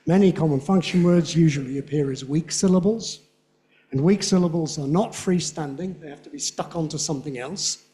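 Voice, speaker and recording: A man lecturing at a conference, his voice sitting a little high for a man. He keeps it conversational, asks "yeah?" after his points and says his examples slowly and carefully. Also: mellow. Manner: chatty, checks in with "yeah?", repeats examples slowly. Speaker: guest lecturer on English phonetics. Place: lecture hall with an audience.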